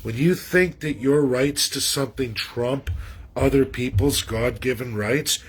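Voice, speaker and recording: A man from Canada delivers a casual political monologue with a husky edge to his voice. He is emphatic and repetitive, often calling out people directly. His pitch sits right in the middle for a man. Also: measured pace. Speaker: political commentator.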